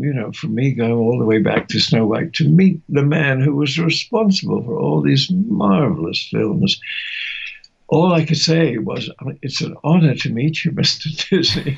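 Older male guest, raspy voice, anecdotal, slightly dull recording. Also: medium pitch. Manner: warm anecdotal storytelling with chuckles. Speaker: interview guest, voice actor. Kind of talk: reminiscing interview. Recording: muffled lo-fi audio.

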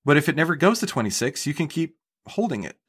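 Talking quickly with a breathy edge to his somewhat high voice, a stock trader being interviewed on a podcast lays out how he works. He's relaxed and conversational, frequently restarting words and tossing in "right?" to check in.

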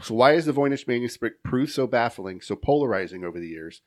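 A male podcast host working through his notes in casual chat, laughing between the lines. His voice sits at a middling pitch. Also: animated, quick pace, a little mellow. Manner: reads research aloud, laughs between lines.

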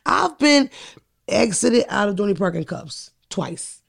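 Gravelly, blunt woman. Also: medium pitch, big pitch swings, a little slow. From Philadelphia. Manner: profane, blunt storyteller. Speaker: podcast co-host. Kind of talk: casual podcast chat.

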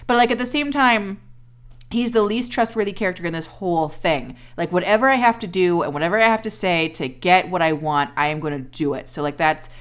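Woman podcast co-host, lower voice, sarcastic and casual, swears freely. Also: brisk. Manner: sarcastic, swearing, acts out characters' lines. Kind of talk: casual chat recapping a TV episode.

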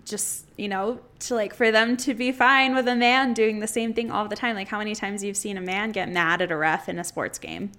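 A woman co-hosting a podcast in casual chat, animated and indignant, laughing between her points. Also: mid-range voice, normal speed, few pauses. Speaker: podcast co-host.

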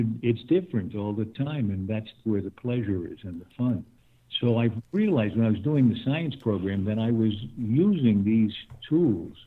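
Older male guest, husky low voice, reflective and chuckling, over a tinny phone line. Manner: thoughtful, chuckling, with restarts. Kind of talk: conversational interview.

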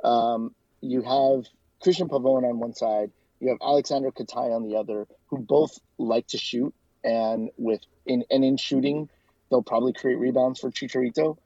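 A man's voice: mid-range voice, fairly even intonation, warm tone, slightly rough, no room sound, highs cut off. A man from the United States, a soccer fan and podcast co-host, chatting as a guest with lots of restarts and fillers. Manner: chatty, talks in quick bursts with frequent restarts and fillers. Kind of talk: casual interview.

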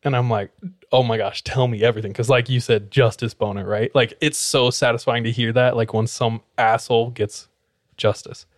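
A man's voice: mid-range voice, normal speed, no echo, studio quality. A man, a podcast co-host, casually telling a story and acting out the lines of the people in it. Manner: animated, acts out quoted dialogue.

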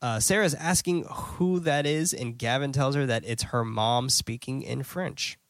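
A man's voice: medium pitch, unhurried, no room sound. Man casually recapping a movie, dry sound. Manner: loose and chatty, with frequent fillers and self-corrections; blunt and excitable. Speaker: podcast host recapping a film.

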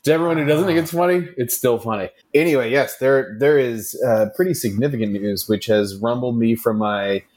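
American guy rambling on a podcast, mid pitch, lots of ums and jokes on himself. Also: brisk, hardly any pauses, darkish tone. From United States. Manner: rambling and self-mocking, many fillers. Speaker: podcast co-host. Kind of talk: casual chat. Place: traveling, recording remotely.

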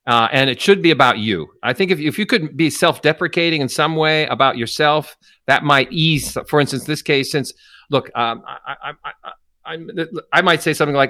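A man's voice: a little high, moderate pace, bright, forceful tone, dry recording, clean studio sound. A man co-hosting an advice podcast, chatting casually, often restarting his sentences and chuckling. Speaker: podcast co-host.

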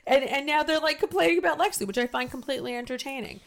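Loud, effusive New Jersey woman host. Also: high voice, very fast, gravelly. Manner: loud, effusive, emphatic, with frequent restarts. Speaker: podcast host. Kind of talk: casual podcast chat.

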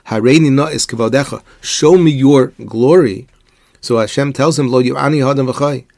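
Guy teaching a torah class, steady mid voice, quotes, dry close sound. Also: mid-range voice, dry recording. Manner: measured explanatory delivery, posing rhetorical questions; weaves Hebrew quotations into English. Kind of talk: religious lecture.

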